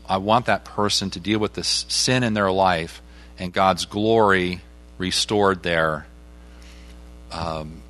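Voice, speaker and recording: Very deep, bright-toned preacher man. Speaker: radio Bible teacher answering callers. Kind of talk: call-in Q&A.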